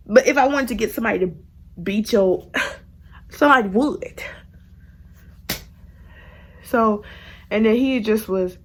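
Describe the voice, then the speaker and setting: Husky-voiced young woman telling a story. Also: on the high side, slow pace, pauses often. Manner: animated, addresses viewers as "y'all", laughs mid-story. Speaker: vlogger. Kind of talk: casual storytime.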